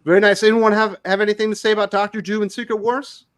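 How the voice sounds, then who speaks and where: A man hosting a casual comics talk show, relaxed and jokey. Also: high voice, quick pace, clean tone. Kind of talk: casual chat.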